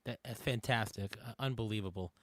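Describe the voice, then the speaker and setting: A man's voice: lowish voice, dry recording. Podcast host guy, supportive, stop-start, dry close sound. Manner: supportive, halting. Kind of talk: interview.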